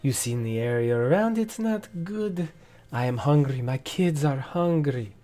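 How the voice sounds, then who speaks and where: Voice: medium pitch, lively intonation, measured pace, mellow, lightly acted. A game master voicing a greedy male dock merchant who stammers and wheedles while haggling in a tabletop game. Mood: wheedling. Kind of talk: tabletop role-play character voice.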